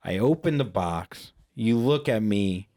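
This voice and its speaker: A man's voice: fairly low pitch, animated, a little slow, warm tone. A man in his thirties co-hosting a podcast, telling a story in casual chat, joking and swearing, now and then slipping into goofy voices. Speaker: podcast co-host.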